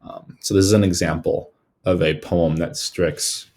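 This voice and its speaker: Very deep-voiced young man presenting. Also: fairly even intonation, unhurried, darkish tone. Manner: casual, earnest, frequent fillers and restarts. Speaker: student presenter. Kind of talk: recorded slide presentation.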